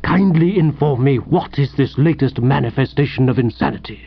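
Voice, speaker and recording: A man voicing a pompous, irritable older gentleman who talks in a clipped, disdainful way. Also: medium pitch, normal speed, gravelly, husky, no room sound, dull audio. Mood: stern, disdainful.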